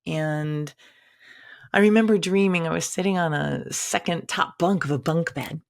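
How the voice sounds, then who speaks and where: A woman's voice: sits low, moderate pace, creaky. A woman telling a personal story in a candid, conversational way, acting out quoted lines dramatically. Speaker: shaman and teacher.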